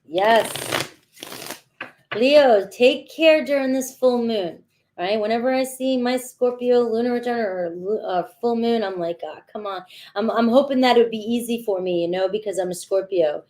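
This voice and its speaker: A woman's voice: a little high, normal speed, darkish tone. Chatty woman giving a tarot reading. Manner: chatty, often says "all right", talks directly to viewers. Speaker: tarot reader. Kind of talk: casual live tarot reading.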